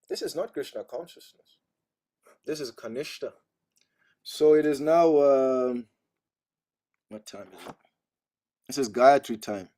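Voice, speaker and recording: A man's voice: mid-range voice, measured pace, long pauses, warm tone. Conversational man teaching a spiritual class. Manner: conversational, frequent "you know" asides. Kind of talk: storytelling religious class. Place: online class.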